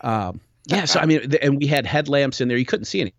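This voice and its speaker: A man recounts a trip in loose, rambling podcast chat, circling back and restarting his thoughts. The recording is dry and lacks sparkle, with a middle-pitched voice. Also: fast, gravelly, dry recording, muffled recording. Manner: animated, rambling with many restarts. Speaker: podcast host. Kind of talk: casual storytelling chat.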